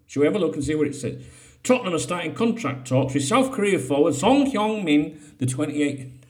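A man's voice: fairly high pitch, expressive, brisk. Sweary man hosting a podcast. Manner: sweary, jokey asides between headlines. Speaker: podcast host. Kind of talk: casual solo podcast, reading out headlines.

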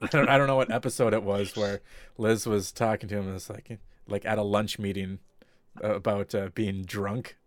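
A man's voice: lowish voice, steady tone, moderate pace, dry recording, clean studio sound. Rambling man in casual chat. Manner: rambling, many fillers and restarts. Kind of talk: casual chat about TV shows.

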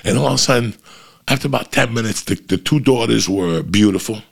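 A middle-aged man hosting a show, telling a story in casual, profane, animated chat to his listeners. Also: on the low side, a little fast, gravelly, breathy edge. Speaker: podcast host.

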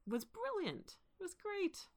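A woman co-hosting a casual film discussion, talking in an animated way with restarts and laughs. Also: very high-pitched, a little slow. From Canada. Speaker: podcast co-host.

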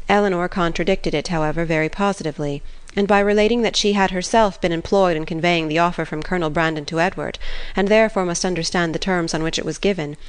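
A woman narrating a classic novel in a measured, even reading. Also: fairly low pitch, clear, resonant tone, dry recording.

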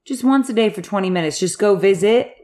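A woman's voice: medium pitch, lively intonation, brisk, a little mellow. A woman co-hosting a casual book discussion, venting emphatically with frequent swearing. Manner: frustrated, emphatic, swears, repeats "here's the thing". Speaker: podcast co-host.

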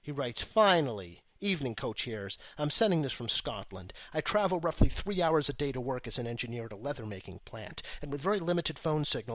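A man's voice: medium pitch, sing-song, fairly quick, hardly any pauses, no echo. A man co-hosting a podcast, reading listener letters aloud in a wry, profane, mock-reverent casual chat. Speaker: podcast co-host.

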